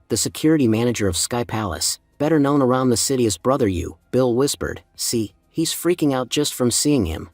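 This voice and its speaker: A man narrating a story recap in a steady scripted read, voicing all the parts in much the same even voice. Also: mid-range voice, dry recording, clean studio sound.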